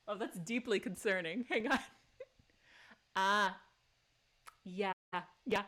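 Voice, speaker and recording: Woman streamer at home, chatty and giggly, quick sarcastic asides. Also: medium pitch, fairly bright tone. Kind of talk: live game playthrough with commentary. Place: home room.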